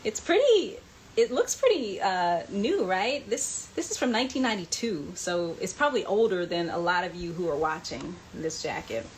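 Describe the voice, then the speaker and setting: A woman's voice: on the low side, sing-song, normal speed, slight background noise, poor audio. Chatty woman hosting a fan livestream. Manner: chatty, reads out viewer comments, laughs often. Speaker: livestream host answering fan questions. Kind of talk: casual live chat.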